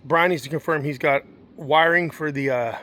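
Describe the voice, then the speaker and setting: A man's voice: a little high, moderate pace, pushed and bright. A man walking around a house and yard, listing the repairs still to be done in a matter-of-fact way. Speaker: property manager doing a walkthrough. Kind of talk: casual spoken inspection notes. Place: outdoors around a house and yard, then indoors. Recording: faint background noise.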